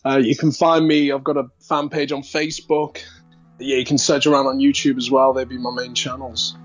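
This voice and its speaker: A man with a light Liverpool accent talks as a podcast guest, an actor thinking aloud in loose, rambling sentences full of fillers and restarts. His voice sits at a middling pitch. The audio is a little muffled. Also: little pitch movement, normal speed, soft background music. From Liverpool, England. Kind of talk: casual interview chat.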